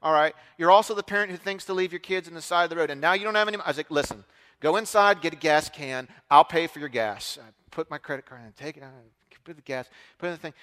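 A middle-aged preacher tells a story from the pulpit in a storytelling sermon, animatedly acting out the voices of the people in it. His voice is high, bright, forceful and fast. It rings with the long reverb of a large hall.

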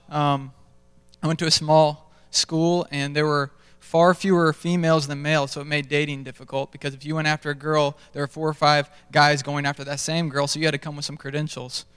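Resonant young preacher in a reverberant hall. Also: male voice, on the high side, fairly bright tone, clear, resonant tone. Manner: self-deprecating storytelling, conversational. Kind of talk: sermon. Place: large church stage.

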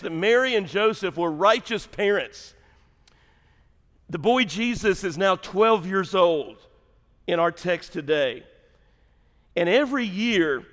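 A man's voice: high voice, a bit bright, big-room sound. A middle-aged man, a pastor, telling a humorous family story in a chatty sermon, laughing often. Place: church sanctuary.

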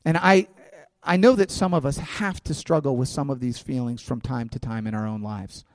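A man's voice: mid-range voice, moderate pace, no room sound, long reverb tail. A pastor preaching an impassioned sermon, often asking his listeners questions.

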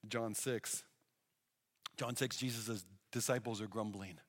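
Preacher with a long hall echo. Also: male voice, on the low side, unhurried. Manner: animated storytelling, acting out quoted voices. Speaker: pastor. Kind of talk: sermon.

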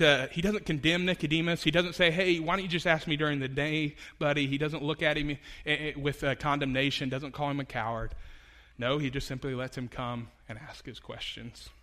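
A male pastor giving a conversational sermon, animated and emphatic, with fillers and repeated words. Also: on the high side.

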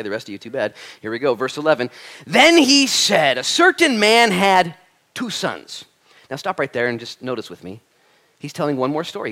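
A man preaching as a pastor, talking energetically and conversationally to his congregation. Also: mid-range voice. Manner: energetic, conversational preaching with animated quoted asides. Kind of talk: sermon.

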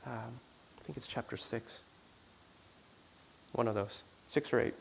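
A man telling a personal story in a sermon. He swings between loud emphasis and hushed, quiet passages, and he often repeats words and restarts his sentences. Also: mid-range voice, measured pace, gravelly, a little hiss or hum.

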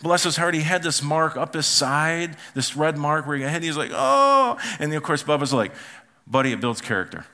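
A man's voice: fairly high pitch, fairly even intonation, fairly quick, few pauses, pushed and bright, slight background noise. A middle-aged man, a pastor, preaching a sermon in a church auditorium and telling family stories, acting out the voices of his relatives. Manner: storytelling, acts out family members' voices.

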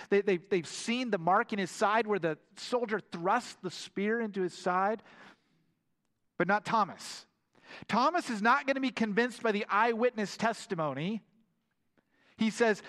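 A man preaching a sermon, retelling the story in an animated way and often repeating words as he goes. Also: high voice. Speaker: pastor. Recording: long hall reverb.

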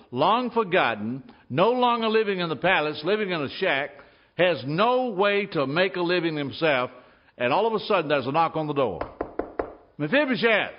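A man's voice: a little high, dull audio. Man preaching an emphatic story sermon. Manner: emphatic storytelling, acting out scenes. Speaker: pastor. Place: church.

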